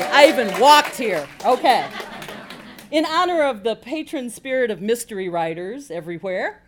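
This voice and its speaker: A woman from Chicago, an author reading a chapter of her own fiction aloud with a playful, animated manner. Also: a little high.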